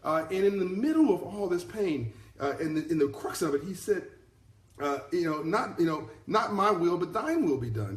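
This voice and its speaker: A man's voice: high voice, expressive, normal speed. A middle-aged man giving a motivational talk on a live stream, repeating his key lines and rambling with restarts. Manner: rambling, many fillers and restarts. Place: in South Africa, on a live broadcast. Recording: echoey room.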